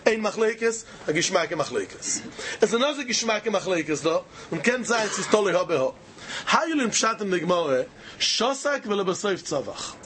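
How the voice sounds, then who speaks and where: High, lively man teaching Talmud. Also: moderate pace, a little hiss or hum. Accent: Yiddish-inflected English. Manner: sing-song study chant, rhetorical questions. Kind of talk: animated Talmud lecture.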